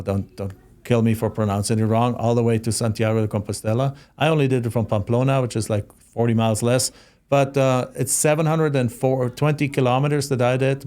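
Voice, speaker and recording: A middle-aged man with a German accent, hosting his own show and talking through a personal story in a heartfelt, halting way with many restarts. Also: medium pitch, darkish tone. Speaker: host. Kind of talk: reflective solo monologue.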